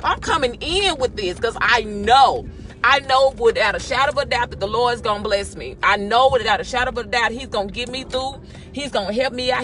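A woman giving a lively, exhorting devotional while driving, recorded on a phone in her car. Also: fairly high pitch, slight background noise. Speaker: church member giving a devotional. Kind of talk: casual spoken devotional.

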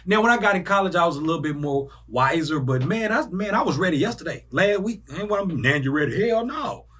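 A young man hosting a casual sports reaction video, animated and breaking into loud bursts as he talks to himself. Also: sits high, a little fast, husky. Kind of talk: excited casual reaction commentary.

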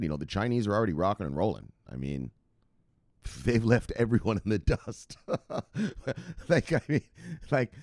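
Low-voiced rambling crypto show host, a man. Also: darkish tone, dry recording, studio quality. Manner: rambling, profane, with hype outbursts. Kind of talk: casual news commentary.

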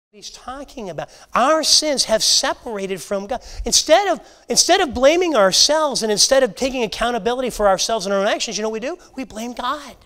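A man teaching a Bible lesson to a church class, earnest and halting, often restarting his sentences. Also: high voice, sharp tone. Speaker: Sunday school teacher.

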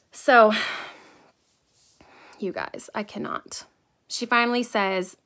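A middle-aged woman on her vlog, telling a story in an animated, exasperated way with lots of fillers. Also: on the high side. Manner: animated, exasperated, talks fast with many fillers. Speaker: vlogger. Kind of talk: casual storytelling rant.

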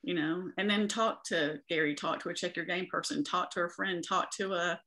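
A woman's voice: fairly low pitch, fairly even intonation, moderate pace, bright, forceful tone. A woman guest in an interview, sharing her faith story in an earnest, preaching manner.

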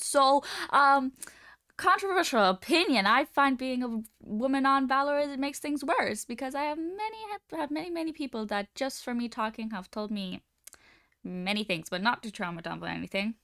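A young woman hosting a livestream, telling stories in a chatty, animated way. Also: medium pitch, smooth, dry recording, clean studio sound. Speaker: livestream host. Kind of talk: casual chat.

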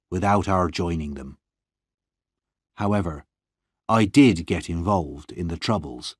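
A man reading a story aloud in the first person, calm and measured, on a close mic. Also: sits low, dry recording. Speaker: audiobook narrator.

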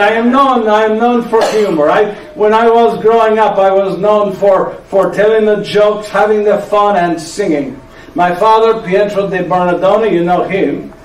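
An actor playing an aging, tired but playful friar with an Italian accent, a teasing storyteller who keeps asking "yes?". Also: male voice, high voice, darkish tone, a little hiss or hum. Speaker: actor performing a one-man show. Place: church hall before a live audience. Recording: echoey church hall, voice from far off.

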